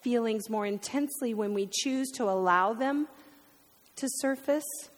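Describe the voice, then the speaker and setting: A woman's voice: on the high side, measured pace. Heartfelt woman preaching in a reverberant church. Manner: heartfelt, speaks through tears at times. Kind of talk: sermon. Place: church sanctuary. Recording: long hall reverb.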